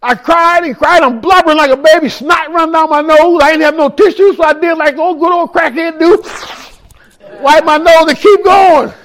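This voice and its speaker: A man with a strikingly high voice delivers a testimony sermon to his congregation. He talks in a raw, street-casual way and speaks straight to the people in the room. His telling turns openly emotional and swells into shouts. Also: fairly even intonation, moderate pace. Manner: addresses listeners directly in the room. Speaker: ministry speaker giving testimony.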